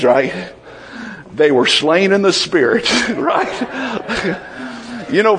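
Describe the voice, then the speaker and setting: A man preaching a sermon in a conversational way, asking the congregation questions and acting out voices from the Bible. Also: fairly high pitch.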